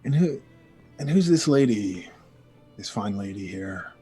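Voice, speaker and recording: A man's voice: lowish voice, lively intonation, unhurried, warm tone, faint music behind. A man playing in a tabletop game, thinking aloud hesitantly about his character's moves. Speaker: player. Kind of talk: casual tabletop play.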